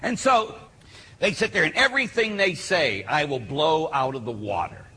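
A man, a Catholic priest, preaching a sermon and telling stories with lively acted-out voices. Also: fairly high pitch, normal speed, breathy edge. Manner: animated storyteller who acts out voices. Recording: hall reverb, faint background noise.

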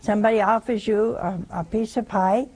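A woman's voice: medium pitch, fairly even intonation, normal speed, a little mellow, low-quality recording. A woman preaching a sermon in a folksy, teasing way, often asking her listeners questions.

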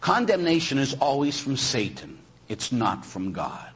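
A man, a priest, preaching a sermon in an animated way, full of rhetorical questions and quick asides. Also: mid-range voice, breathy edge, poor audio. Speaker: Catholic priest.

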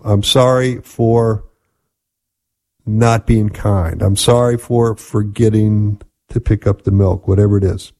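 A man's voice: lowish voice, steady tone, slow, darkish tone. A man hosting a radio marriage advice show, teaching earnestly and repeating key phrases. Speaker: radio host and marriage therapist.

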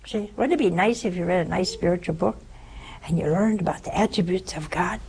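A woman's voice: fairly low pitch, a little fast, a little hiss or hum, low-quality recording. An older woman giving an informal spiritual talk, telling a story and acting out the people in it. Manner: storytelling, animated in quoted speech. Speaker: religious teacher.

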